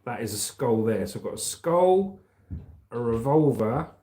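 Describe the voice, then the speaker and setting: A man's voice: mid-range voice, expressive, unhurried, warm tone. Jokey English livestream host, a man. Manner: jokey, chatty, laughs often. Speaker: livestream host reading chat. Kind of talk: casual chat.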